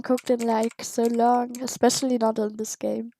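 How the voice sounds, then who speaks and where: A woman giving excitable, giggly gameplay commentary while playing a video game. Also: a little high, vocal fry. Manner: excitable and giggly, quick reactions. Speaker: gamer.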